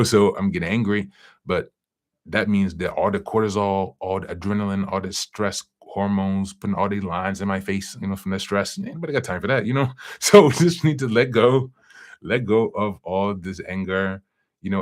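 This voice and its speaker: Deep-voiced man musing candidly. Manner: candid, rambling, frequent "you know". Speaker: podcast host. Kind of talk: casual spiritual reflection.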